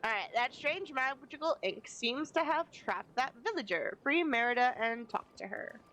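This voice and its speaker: A woman streaming a game from her home desk setup, talking into a desk mic. She chats casually and playfully, often poking fun at herself. Her voice sits a little high. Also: animated, moderate pace, pushed and bright, slight background noise, low-quality recording. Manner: chatty, playful, self-deprecating asides. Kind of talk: casual live-stream commentary.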